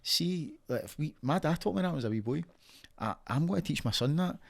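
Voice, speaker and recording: A man's voice: a little high, expressive, fast talker, gravelly. A man in his thirties with a Glaswegian accent, talking bluntly and passionately as a podcast guest and swearing freely. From Scotland. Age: 30s. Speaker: guest, fighter. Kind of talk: casual podcast interview.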